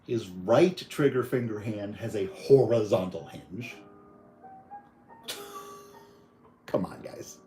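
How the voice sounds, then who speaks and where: A man's voice: fairly low pitch, slow pace, long pauses, mellow, soft background music, rough recording. A man casually reviewing toys on a live stream, rambling and chatty with lots of fillers. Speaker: toy reviewer.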